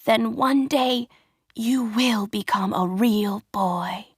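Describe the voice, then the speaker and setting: Woman playing a kind soft fairy lady, slow gentle voice, kinda high, dry sound. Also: dry recording, exaggerated voice. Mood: hushed.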